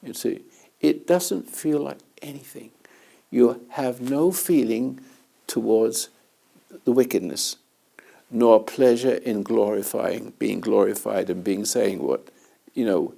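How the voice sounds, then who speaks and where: A man's voice: mid-range voice, takes it slowly, vocal fry, mellow. A man hosting a conversation as a spiritual teacher, telling rambling anecdotes with chuckles along the way. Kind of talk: storytelling in conversation.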